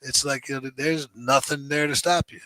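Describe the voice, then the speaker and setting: Older man, bright dry rambling talk. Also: medium pitch, fairly even intonation, normal speed, no room sound, rough recording. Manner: rambling storyteller, peppers talk with "you know". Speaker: host. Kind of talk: casual basketball chat.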